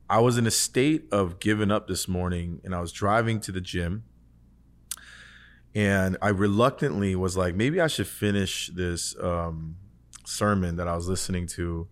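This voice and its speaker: Earnest rambling man, lowish voice. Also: steady tone, moderate pace. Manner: earnest, rambling, heavy use of "like"; storytelling with restarts. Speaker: podcast co-host. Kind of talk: casual faith podcast chat.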